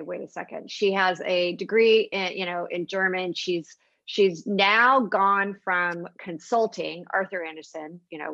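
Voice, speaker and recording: A woman hosts a casual interview in an eager, chatty manner and often laughs along with her guest. Her voice is dry and close, with no room sound. The audio is a little muffled and lacks crispness. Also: mid-range voice, fairly bright tone, no room sound. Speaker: podcast host. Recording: dry, slightly dull sound.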